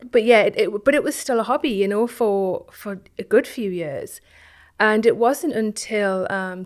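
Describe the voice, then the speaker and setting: Woman guest on an interview podcast, middle pitched voice, thoughtful and halting, lots of restarts, trails off quiet. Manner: reflective, halting, with many restarts and soft trailing phrases. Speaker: guest, founder of an online business community. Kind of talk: personal storytelling in an interview.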